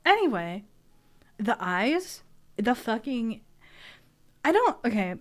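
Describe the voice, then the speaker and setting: A young woman streaming as a vtuber, chatting casually and excitably, swearing and gushing, often stumbling over restarts. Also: on the high side, slow.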